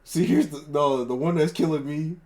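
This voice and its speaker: A man co-hosting a podcast in casual chat, animated and swearing freely as he acts out scenes. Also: fairly high pitch, moderate pace. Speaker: podcast co-host.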